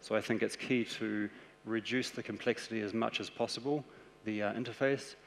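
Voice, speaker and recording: Gravelly New Zealand man presenting in a hall. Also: on the low side, moderate pace, a little hiss or hum. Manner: explanatory, steady and practical. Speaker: conference speaker. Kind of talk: conference presentation. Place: large conference hall. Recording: echoey conference hall.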